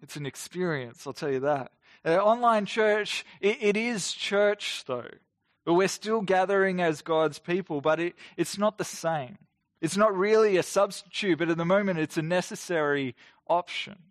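In an online sermon livestreamed during lockdown from a near-empty room, a pastor in his thirties speaks at a normal speed in a high voice. He's earnest and conversational, posing lots of questions to listeners, and the audio is clean studio sound with no room sound.

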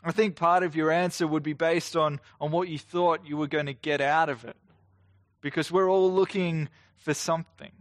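A man's voice: fairly high pitch, fairly even intonation, moderate pace, no echo, studio quality. A man in his thirties preaching a livestreamed sermon in an earnest, conversational way, full of questions to the listener. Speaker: pastor. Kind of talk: online sermon. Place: near-empty room, lockdown livestream.

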